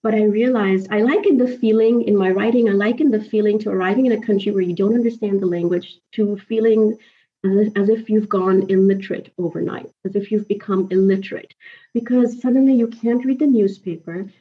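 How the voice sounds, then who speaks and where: A woman guest on a podcast, telling her life story from home in a lively, laughing, animated way. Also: mid-range voice, fairly quick. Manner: lively, laughs often, retells dialogue animatedly. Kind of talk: storytelling interview chat. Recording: dull lo-fi sound.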